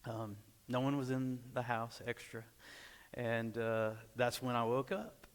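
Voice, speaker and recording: A man's voice: medium pitch, a little slow, clean tone. Man telling a story in an echoey church. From Arkansas, USA. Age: 40s. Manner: lively storyteller, acts out quoted dialogue. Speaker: church speaker. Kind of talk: personal storytelling talk. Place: church sanctuary.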